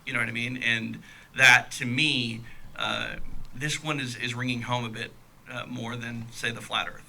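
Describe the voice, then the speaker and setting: Rambling gravelly man co-hosting. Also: mid-range voice, fairly even intonation, moderate pace, bright, forceful tone, poor audio. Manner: rambling, laid-back, with lots of "like" and "you know". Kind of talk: casual podcast chat.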